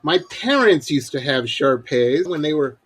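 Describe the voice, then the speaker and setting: A middle-aged radio show host with a slightly rough, a little high voice chats casually and unhurriedly during an interview, heard over poor audio. An animated storyteller, he acts out his own rants.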